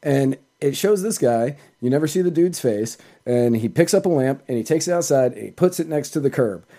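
A man's voice: medium pitch, expressive, fairly quick, dark tone. A man on a casual podcast, telling long rambling stories and cutting himself off with asides. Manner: rambling, self-interrupting anecdotes. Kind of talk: casual storytelling chat.

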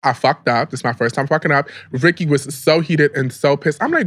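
A man's voice: on the high side, a little fast, few pauses, a bit bright, no echo, clean studio sound. A man co-hosting a podcast, sassy and profane, calling people "girl" and "bitch" as he tells his side of a story. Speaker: podcast co-host. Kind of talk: casual chat.

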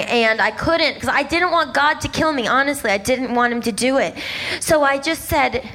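Young woman comic, high bright voice, rattles off a story full of "like"s, jumps into silly voices. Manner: animated, swings into exaggerated character voices and squeals; rapid, breathless asides with lots of "like". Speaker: stand-up comedian. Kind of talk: stand-up storytelling.

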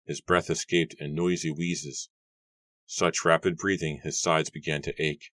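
A man reads an audiobook in a steady, measured voice. His voice sits extremely low, and the recording is close and dry with no room sound. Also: no room sound. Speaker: audiobook narrator. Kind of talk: scripted audiobook narration.

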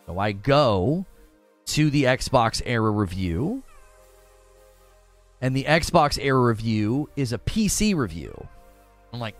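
Animated man hosting a livestream. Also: medium pitch, slow pace, pauses often, soft background music. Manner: animated, acts out his own past thoughts. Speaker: livestream host. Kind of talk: casual livestream commentary.

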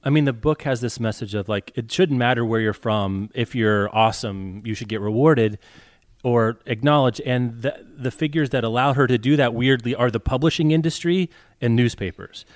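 A man's voice: mid-range voice, normal speed, dry recording. Man, casual book chat, wry, restarts a lot, dry close sound. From not from the US South. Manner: chatty, wry, many fillers and restarts. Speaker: podcast co-host.

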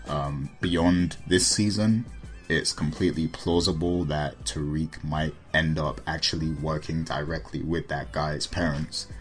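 A man's voice: a bass voice, steady tone, measured pace, faint music behind. A man co-hosting a casual TV recap podcast, talking loosely with lots of fillers and turning questions to his co-hosts. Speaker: podcast co-host.

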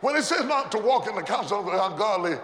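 Man preaching loudly in an echoey hall. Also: high-pitched, animated, fast. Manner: preaching with shouted refrains and call-and-response. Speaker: pastor. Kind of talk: sermon. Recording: echoey hall with background noise.

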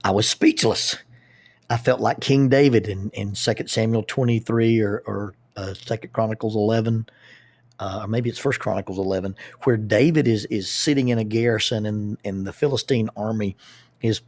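A man with a low, husky voice tells a personal story to a group. He talks in an animated way and often doubles back on his words. The recording is dry and close, with no room sound. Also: moderate pace, dry recording. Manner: animated, with repeated starts and lively asides. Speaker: public speaker and youth group leader.

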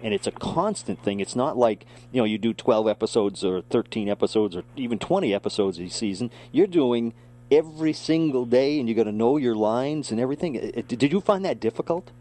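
Man, interview host, mellow voice, lively pitch, long supportive questions. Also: fairly quick. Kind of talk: casual interview.

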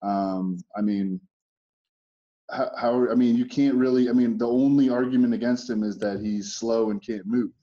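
A man with a mellow, dark voice argues a sports pick, leaning on "I mean" as he hedges. The clip sounds dull and lo-fi. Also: mid-range voice, steady tone, moderate pace. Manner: hedging, repeats "I mean". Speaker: podcast guest in played clip. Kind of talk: casual sports chat.

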